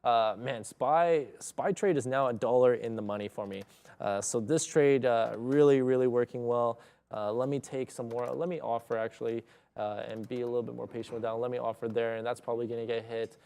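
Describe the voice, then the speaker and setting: Talking through his trades live, this young man rambles casually and leans heavily on fillers as he thinks out loud. He speaks a little fast in a medium-pitched, darkish voice with fairly even intonation.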